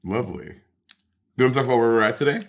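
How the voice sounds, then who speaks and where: A man's voice: medium pitch, expressive, rapid-fire. A man co-hosting a podcast in casual chat, blunt and swearing, trying to move the talk along. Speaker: podcast co-host.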